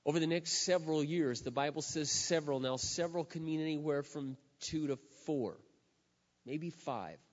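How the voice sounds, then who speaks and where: Emphatic middle-aged preacher in a hall. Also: male voice, fairly high pitch. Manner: emphatic, drawn-out stresses, shifting from loud to hushed. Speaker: pastor. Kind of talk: sermon. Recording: echoey hall, dull lo-fi sound.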